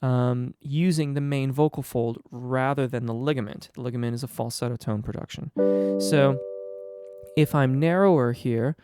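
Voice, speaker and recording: A male singing teacher answering viewer questions live, a bit under the weather, explaining in a relaxed way with frequent ums and restarts. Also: mid-range voice, moderate pace, soft background music. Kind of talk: live Q&A on voice technique.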